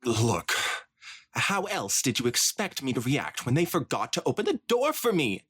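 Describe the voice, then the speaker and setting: A man's voice: medium pitch, wildly swooping pitch, normal speed, a bit bright, husky, pitched above the performer's own voice, heavily acted. A man voicing a snobbish, wealthy middle-aged mare pony in a dramatic fanfiction reading, in a haughty, affected way.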